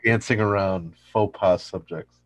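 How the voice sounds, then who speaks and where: A man's voice: fairly low pitch, unhurried, no room sound. A man casually retelling a sitcom episode, acting out the characters' lines as he goes. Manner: animated retelling, acts out quoted lines. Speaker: podcast co-host recapping an episode.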